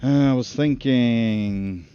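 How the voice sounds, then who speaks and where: A man's voice: mid-range voice, takes it slowly, warm tone, clean tone, dull audio. A man streaming a driving game, chatting casually and thinking aloud with many fillers. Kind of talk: casual live-stream commentary. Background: music.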